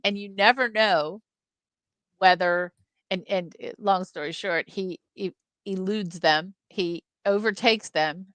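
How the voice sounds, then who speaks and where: A woman's voice: medium pitch, slow pace, a bit bright, dry recording. Casting: woman in casual film-club chat, storyteller, dry close mic. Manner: tells anecdotes, throws in character voices. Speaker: film review co-host.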